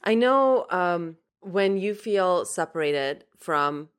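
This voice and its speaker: Slow, low-voiced woman asking gently. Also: animated, clean tone. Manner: slow, measured, gently searching questions. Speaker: podcast co-host. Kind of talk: casual podcast chat.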